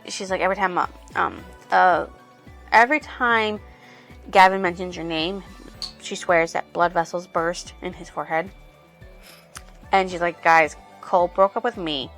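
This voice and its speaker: A woman's voice: lowish voice, steady tone, unhurried, long pauses, a bit bright, soft background music. A woman reviewing a book, rambling through the plot in a casual retelling full of "she's like" quotes.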